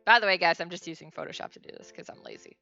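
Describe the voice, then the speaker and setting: Bright-voiced woman teaching on stream. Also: on the low side, very fast, vocal fry, lo-fi sound, faint music behind. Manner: chatty, with frequent fillers and self-corrections. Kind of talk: casual livestream lesson.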